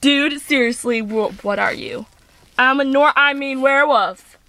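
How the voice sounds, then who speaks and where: A woman's voice: high voice, unhurried, pushed and bright, dry recording. A young woman playing out a homemade doll play, playful as she voices several characters.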